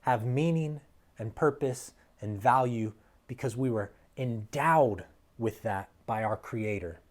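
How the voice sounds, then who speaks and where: A pastor preaching a sermon, earnest and emphatic, dropping to soft, quiet phrases and rising to strong peaks. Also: male voice, medium pitch, slow.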